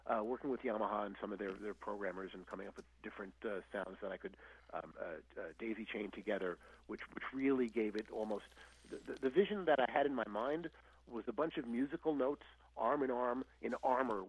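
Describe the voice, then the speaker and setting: An older guest musician tells stories in a casual interview, his fairly low, slightly rough voice moving briskly. He's an animated storyteller who acts out quoted lines and restarts often, and the audio is dull and lo-fi.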